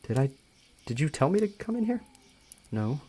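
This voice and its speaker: A man reading the lines of a gentle young man who talks a frightened friend through her panic in a storybook reading. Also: fairly high pitch, very animated, moderate pace, breathy edge, voice pushed up. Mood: soothing. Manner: soothing, reassuring.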